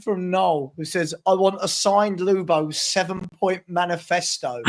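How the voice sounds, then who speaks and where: Emphatic man with a higher voice. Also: steady tone, a little slow, a little hiss or hum. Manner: emphatic, repeats key phrases. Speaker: guest streamer. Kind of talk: casual livestream chat.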